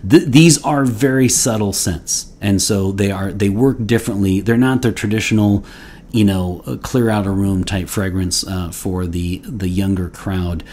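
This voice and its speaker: A man's voice: lowish voice, steady tone, a little slow, a little mellow, slight background noise. Rambling man reviewing a cologne. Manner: rambling, playful mock outrage, many restarts. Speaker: fragrance reviewer, channel host. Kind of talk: casual solo product review.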